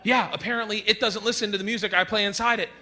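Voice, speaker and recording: A man performing a stand-up comedy set on stage, telling stories loudly and animatedly, with shouted bits. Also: high voice, fairly even intonation, fast, background noise. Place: comedy stage before a live audience. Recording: live club recording with audible audience.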